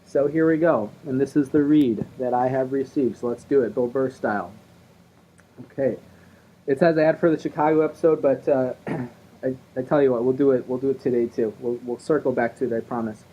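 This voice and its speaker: A man's voice: medium pitch, fairly quick, warm tone. A man hosting his own podcast alone, rambling in a wry, self-mocking way. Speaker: podcast host. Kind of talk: rambling solo podcast chat. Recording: muffled lo-fi audio with faint hiss.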